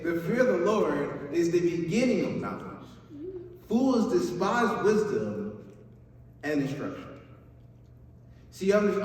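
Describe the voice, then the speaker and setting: High-voiced young man preaching in an echoey hall. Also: a little mellow. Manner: upbeat, chatty, often checks in with "right?". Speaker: youth pastor. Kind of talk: youth sermon. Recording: echoey hall, mic far off, faint noise.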